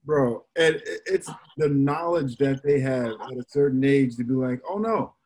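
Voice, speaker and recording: A young adult man and podcast co-host, telling parenting stories in a rambling, animated way with many fillers. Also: mid-range voice, moderate pace, slightly rough. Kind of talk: casual chat.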